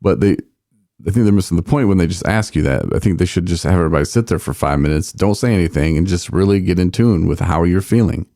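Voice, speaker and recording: A man's voice: low voice, quick pace, dark tone, no room sound, studio quality. A man co-hosting a recovery podcast, talking casually and reflectively, often repeating words as he thinks. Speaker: podcast co-host.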